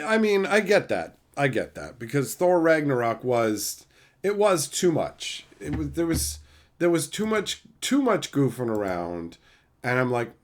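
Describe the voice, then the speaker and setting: A man casually reading live chat on a stream and teasing his chatters in a playful, mock-insulting way. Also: mid-range voice.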